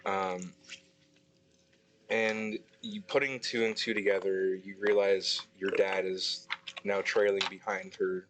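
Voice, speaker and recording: A man's voice: deep voice, little pitch movement, takes it slowly, fairly bright tone, slight background noise, rough recording. A man narrating a tabletop game as game master, hesitant and full of ums and restarts.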